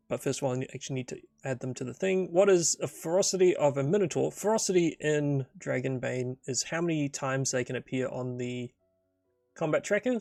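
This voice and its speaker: A man's voice: mid-range voice, vocal fry, darkish tone, no echo, clean studio sound. A man narrating and improvising a solo tabletop game, rambling and thinking aloud with many fillers.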